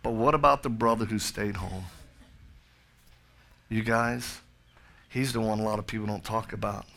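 A man's voice: fairly low pitch, steady tone, moderate pace, creaky, fairly bright tone. A middle-aged male pastor preaching a sermon, telling a story with jokey asides and then building to fervent appeals.

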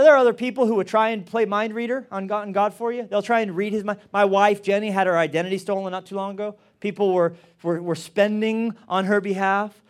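A middle-aged man preaching a sermon as pastor, animated, often repeating words as he stresses a point. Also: high voice.

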